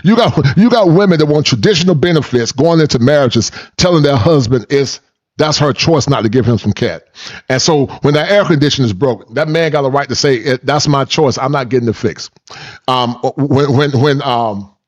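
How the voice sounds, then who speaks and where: A man's voice: fairly high pitch, dull audio. A man in his fifties hosting reaction commentary, preachy and repetitive, laughing at his own points and using folksy slang. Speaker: channel host and commentator.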